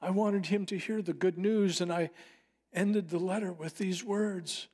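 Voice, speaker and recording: A middle-aged male pastor delivering a sermon in an earnest, heartfelt way. His voice sits a little higher than most men's, and he slows deliberately on phrases he wants to land. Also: steady tone, darkish tone. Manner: earnest, personal storytelling with slowed emphatic phrases.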